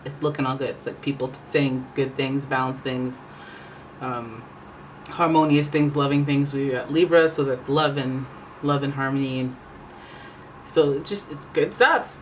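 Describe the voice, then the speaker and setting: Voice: mid-range voice, level tone, unhurried, a little hiss or hum, poor audio. A tarot reader giving a casual reading, talking in a rambling, chatty way that keeps correcting itself.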